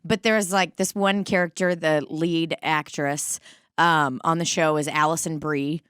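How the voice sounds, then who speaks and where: A woman's voice: low voice, steady tone, unhurried, a bit bright, clean tone, no echo, studio quality. A woman co-hosting a casual comedy podcast, rambling and joking with some swearing. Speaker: podcast co-host. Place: home dining room.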